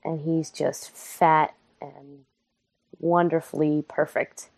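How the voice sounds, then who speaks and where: A young woman with a low voice tells her own story in a relaxed podcast chat. She is frank and funny, and her feelings show as she talks. The sound is dry and close. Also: slow pace, vocal fry, no echo. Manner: candid, humorous, emotional. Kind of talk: casual storytelling.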